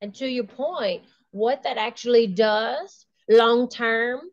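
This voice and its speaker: A woman's voice: on the high side, slow, no echo. A woman guest in a casual interview, talking enthusiastically, laughing often and restarting her sentences. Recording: dull lo-fi dry sound.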